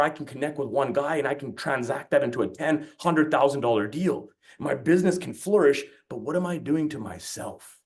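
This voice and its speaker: A man's voice: medium pitch, a little mellow. A man giving a motivational talk, telling stories bluntly and swearing freely. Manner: blunt and profane, with storytelling energy. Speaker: motivational speaker.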